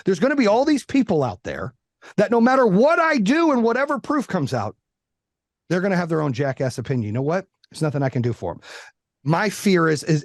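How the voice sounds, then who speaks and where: A man's voice: a little high, a little mellow, no room sound, clean studio sound. Blunt, profane man on a podcast. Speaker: podcast guest. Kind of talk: candid interview talk.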